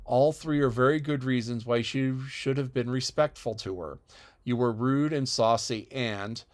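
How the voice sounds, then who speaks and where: A man's voice: medium pitch, natural voice. A man voicing a stern middle-aged woman guardian in an audiobook, speaking dryly and with severity. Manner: dry, severe, measured. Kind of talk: audiobook character voice.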